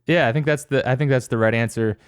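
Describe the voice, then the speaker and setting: A man's voice: mid-range voice, fast talker, clean tone, dry recording. A man hosting a podcast in casual chat, with a dry delivery that comes across as sarcastic. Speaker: podcast host.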